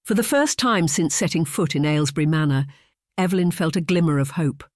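Calm audiobook narrator, steady reading, mid pitch, no room echo. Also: fairly quick, clean studio sound. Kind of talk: scripted narration.

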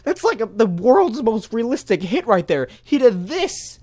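A man's voice: very high-pitched, very animated, measured pace, heavy background noise. A young man doing sarcastic reaction commentary on a video, mocking and swearing, repeating himself as he talks, into a close mic. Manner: mocking, swearing, repetitive restarts.

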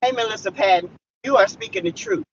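A woman's voice: a little high, very animated, fast talker, lo-fi sound, slight background noise. A woman from South Carolina, a vlogger, delivering a fiery, preachy, blunt rant to her viewers from her car.

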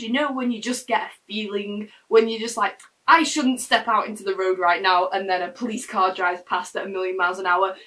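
A woman's voice: mid-range voice, bright, forceful tone, distant mic, rough recording. A young woman telling a personal story to camera in her room, in a chatty, rambling way with frequent restarts. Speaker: vlogger. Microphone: camera mic.

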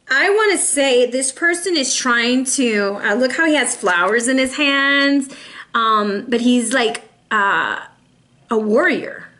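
Chatty higher-pitched woman reading tarot. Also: slow. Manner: chatty, animated, addresses viewers as y'all. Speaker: tarot reader. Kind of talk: casual tarot reading to camera.

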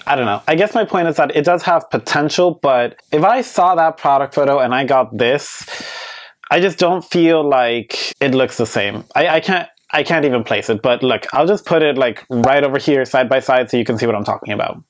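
A man's voice: medium pitch, normal speed. Chatty, candid man reviewing on camera. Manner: chatty and candid, hedging with many fillers. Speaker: beauty vlogger reviewing wigs. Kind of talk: casual product review chat.

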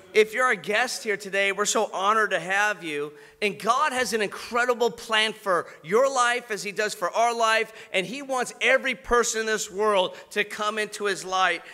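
A man with a high, very bright and piercing voice delivers a sermon. He tells a personal story, then builds to fervent preaching. A long reverb trails each phrase in the big church hall.

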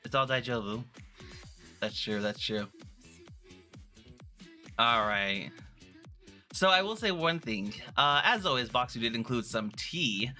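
A man's voice: medium pitch, expressive, takes it slowly, long pauses, bright, forceful tone, faint music behind. A man chatting casually on a live stream, playful and rambling, often restarting his sentences. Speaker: vtuber streamer.

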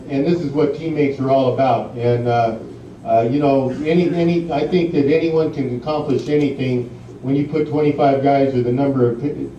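A man's voice: medium pitch, warm tone, a little hiss or hum. A middle-aged man giving a speech full of rambling anecdotes, with many fillers, laughing at his own stories. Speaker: guest speaker at an induction ceremony. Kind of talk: storytelling speech. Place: large banquet hall. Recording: distant, muffled, echoey hall recording.

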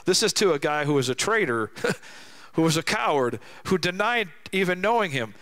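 A middle-aged man delivers a sermon in a church, his voice sitting a little higher than most men's. He preaches with emphasis and drops into slow, deliberate phrasing to drive home his main points. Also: expressive, bright, forceful tone. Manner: emphatic preaching, slows down to stress key lines. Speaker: guest speaker.

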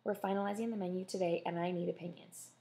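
A woman voicing a loud, bossy and affectionate mother who runs a restaurant, speaking emphatically. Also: fairly low pitch, fairly even intonation, fast, lightly acted. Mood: bossy warm. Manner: commanding, emphatic.

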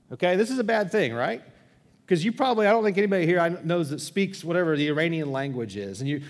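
A man preaching a sermon as pastor, telling a story conversationally and often restarting his phrases. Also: sits high. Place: church sanctuary. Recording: long church hall reverb.

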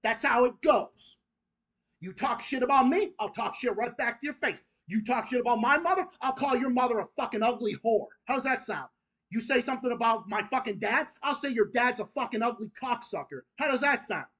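A man's voice: extremely high pitch, fairly quick, a bit bright. A man hosting his own channel, delivering an angry, profane, repetitive rant that goes straight at his critics. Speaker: channel host.

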